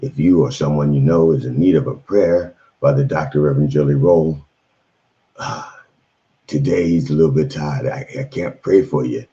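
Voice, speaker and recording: A man's voice: rumbling low, moderate pace, mellow. A man hosting an irreverent comedy sermon stream, with bawdy preacher patter and rambling asides. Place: on the road, in a room away from home. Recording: dull lo-fi stream audio.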